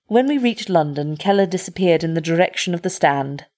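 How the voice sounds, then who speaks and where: Woman audiobook reader, lowish voice, measured literary narration. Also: animated, darkish tone. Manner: measured, descriptive.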